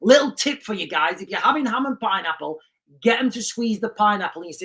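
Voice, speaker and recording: A man's voice: high voice, expressive, fast, pushed and bright. A man hosting a livestream, talking in a rambling, chatty way and laughing often. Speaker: livestream host. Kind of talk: casual livestream commentary.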